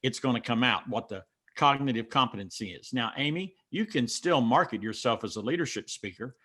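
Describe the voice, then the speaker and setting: A man with a Southern accent from the North Carolina mountains, talking in a folksy, instructive way. He walks listeners through ideas step by step and tells plain personal stories. His voice sits at a middle pitch for a man. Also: lively intonation, brisk, a bit bright, slightly rough. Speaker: speaker coach answering questions. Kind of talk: teaching Q&A and personal storytelling.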